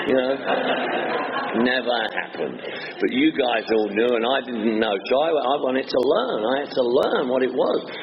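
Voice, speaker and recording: A man's voice: medium pitch, expressive, moderate pace, a crowd in the background. A man with a Northwest London accent, telling his own recovery story to a meeting in a blunt, joking way with rhyming quips. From England. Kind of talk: personal recovery talk. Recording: dull, echoey hall recording.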